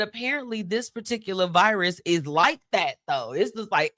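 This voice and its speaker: A woman's voice: mid-range voice, lively intonation, normal speed, hardly any pauses, fairly bright tone, no echo, clean studio sound. A woman hosting a live stream, talking casually and animatedly to viewers, laughing often. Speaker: host.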